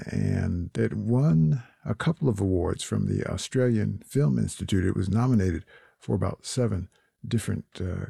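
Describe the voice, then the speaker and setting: A man hosting a jazz radio show, back-announcing the tracks in a relaxed way with frequent fillers. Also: fairly low pitch, gravelly, breathy edge, no echo, clean studio sound.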